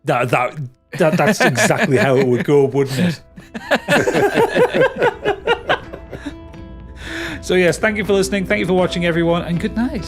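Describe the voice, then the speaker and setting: A man's voice: fairly high pitch, fairly quick, soft background music. A man as game master, wrapping up a tabletop podcast episode in rambling, upbeat casual chat. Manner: rambling, lots of restarts and laughs, upbeat.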